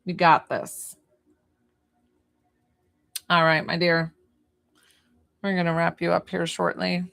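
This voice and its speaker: A woman running a live-streamed energy healing session, talking calmly through breathing and encouragement with chatty asides. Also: lowish voice, slow pace, vocal fry. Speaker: spiritual healer on a livestream.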